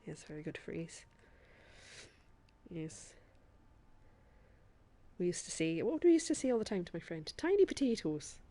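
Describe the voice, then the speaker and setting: A chatty woman streamer with a lowish voice, talking over her gameplay in a put-on Irish lilt. She laughs easily and speaks straight to her chat between moves. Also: very animated, normal speed, long pauses, dark tone. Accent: put-on Irish accent. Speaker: game streamer. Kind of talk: live gameplay commentary.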